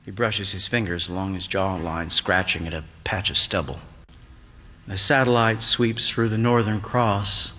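Slow, reflective older man narrating. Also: low-pitched, pushed and bright. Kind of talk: literary story reading. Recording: long hall reverb.

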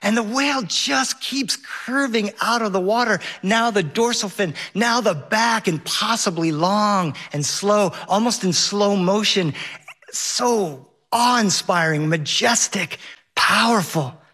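Husky middle-aged storyteller man. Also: high voice, slow pace, sharp tone. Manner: wry, vivid storytelling with comic timing. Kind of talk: personal story told on stage.

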